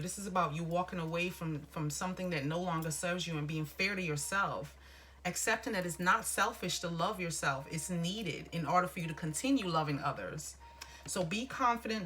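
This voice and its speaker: A woman talks through a tarot reading in a loose, rambling way, restarting phrases and calling the listener honey. Her voice sits a touch low yet comes across bright and forceful. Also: brisk, slight background noise. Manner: warm, encouraging, calls listener honey. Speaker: tarot reader.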